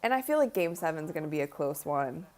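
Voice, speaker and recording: A woman's voice: low voice, expressive, brisk. A young woman giving casual live commentary at a watch party, chatty and tired, yawning now and then. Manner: chatty, frequent "like" and "honestly". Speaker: livestream host.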